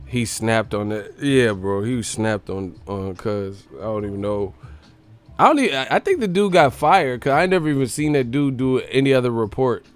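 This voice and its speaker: A young man hosting a casual boxing live stream, talking loosely and profanely, now and then doing quick impressions. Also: medium pitch, clear, resonant tone, soft background music. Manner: profane, animated, slips into impressions.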